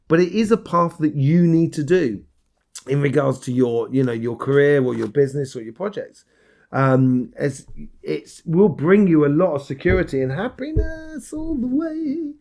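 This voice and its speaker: A man's voice: medium pitch, gravelly, darkish tone. Rambling male tarot reader. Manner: meandering, with many fillers and restarts; encouraging, speaks straight to the listener. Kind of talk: casual weekly tarot reading.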